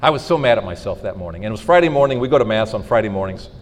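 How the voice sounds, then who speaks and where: Middle-aged male speaker, animated storyteller at a faith talk, lively pitch, reverberant hall sound. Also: rapid-fire. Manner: storytelling, animated, acts out dialogue. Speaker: podcast host giving a faith talk. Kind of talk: inspirational talk to a live audience. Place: school hall.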